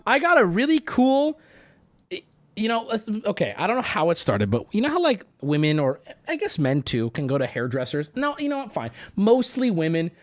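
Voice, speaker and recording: A young man telling a rambling story on a live stream, talking to chat and swearing freely. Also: fairly high pitch.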